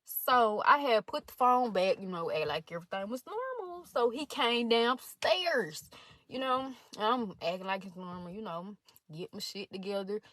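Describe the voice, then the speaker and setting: A woman's voice: medium pitch, normal speed, no echo. A young woman in college telling a blunt, profane storytime, reading out text messages between others. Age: young adult. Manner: blunt, profane, animated retelling. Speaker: storytime vlogger.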